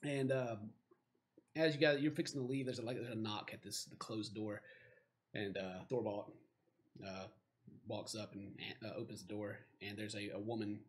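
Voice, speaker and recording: A man's voice: on the low side, steady tone, moderate pace. A man narrating as game master of a tabletop game, rambling with lots of fillers.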